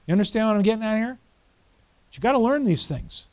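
A male pastor with a high-pitched voice preaching from the pulpit. He moves between low, earnest urging and loud, fervent exhortation. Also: animated, fast talker. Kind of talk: sermon.

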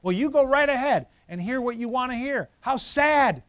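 A man preaching a sermon in a high, forceful voice, climbing toward shouting on his main points and falling back to muttered asides. The pastor's voice is close and dry, with no room around it. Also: lively intonation, moderate pace, no room sound.

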